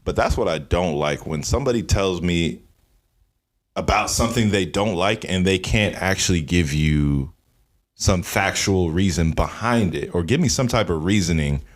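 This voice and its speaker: A man co-hosting a podcast in slangy casual chat, reacting to a story with laughs and quick asides. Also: low-pitched. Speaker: podcast co-host.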